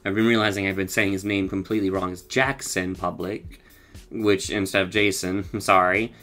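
A man's voice: sits low, little pitch movement, fast talker, pushed and bright, faint music behind. A young man recapping a cartoon episode in casual chat. He rambles, swears, laughs a lot and acts out the lines as he retells them. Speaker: show reviewer.

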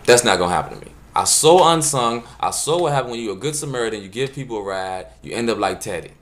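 A man with a fairly low voice tells funny everyday stories straight to the camera. He talks loose and casual and drops words. When he acts out the scenes he jumps into other voices. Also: lively intonation, very fast, a bit bright. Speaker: vlogger. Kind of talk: casual storytelling monologue.

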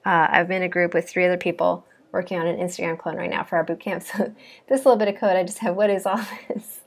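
A woman's voice: lowish voice, steady tone, fast talker, vocal fry. A woman, a coding bootcamp student, chatting casually and giggling as she walks through her project. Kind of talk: casual screen-share walkthrough.

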